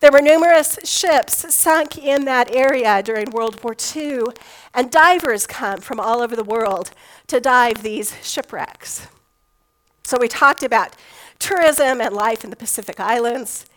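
A woman's voice: on the high side, measured pace, poor audio. A woman pastor preaching a sermon in a conversational storytelling way, with touches of folksy humor.

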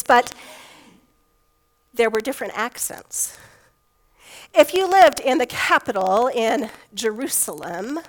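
A woman's voice: fairly high pitch, low-quality recording. A woman pastor preaching a sermon in a conversational storytelling way, with touches of folksy humor.

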